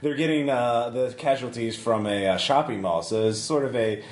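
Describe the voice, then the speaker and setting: A man's voice: mid-range voice, normal speed. A man playing a tabletop game, talking in character with plenty of uhs and restarts and a joking tone. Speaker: player. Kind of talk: in-character tabletop role-play. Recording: roomy, with clear background hiss.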